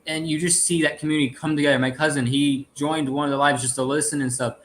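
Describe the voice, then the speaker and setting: A man with a slightly high voice co-hosts a livestream, earnest and encouraging. Faint noise sits under his call audio. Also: fairly even intonation, quick pace, fairly bright tone. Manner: earnest, encouraging, talks about community support. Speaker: livestream co-host. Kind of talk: casual livestream chat.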